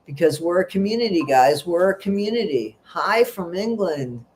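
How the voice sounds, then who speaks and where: Reading viewer comments and gossiping at a normal pace, the middle-aged host has a high, expressive voice. His casual livestream rambles along chattily, with a slight hiss or hum in the background.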